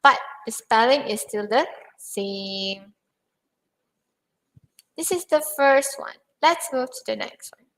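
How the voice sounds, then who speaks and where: A woman's voice: on the high side, lively intonation, slow pace, pauses often, rough recording. A young woman teaching English pronunciation in an online lesson, patiently repeating words for learners.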